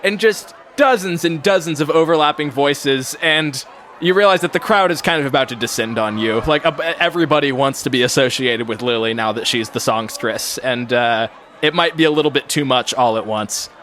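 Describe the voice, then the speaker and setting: A man narrating a tabletop game as game master, in a relaxed storytelling way. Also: medium pitch, brisk, a little hiss or hum. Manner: relaxed and storytelling, with frequent fillers.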